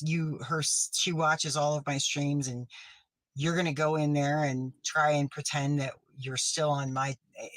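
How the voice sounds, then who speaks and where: A man's voice: mid-range voice, dry recording, natural voice, poor audio. A man playing Dana, a petty scolding streamer woman. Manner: accusing and self-righteous, dropping into sharp whispers. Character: petty, vindictive woman livestreamer scolding her viewers. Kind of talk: comedic sketch monologue.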